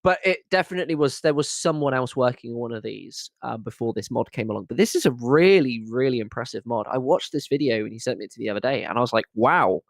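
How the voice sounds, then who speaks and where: A man's voice: medium pitch, animated, quick pace, creaky, few pauses, dry recording. A man co-hosting a casual livestream chat, talking enthusiastically and rambling with restarts. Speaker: co-host.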